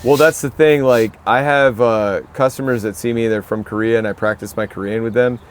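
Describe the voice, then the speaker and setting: A man's voice: medium pitch, steady tone, fairly quick. An American man talking in a casual podcast conversation, telling stories in a rambling, reflective way. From United States. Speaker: podcast co-host.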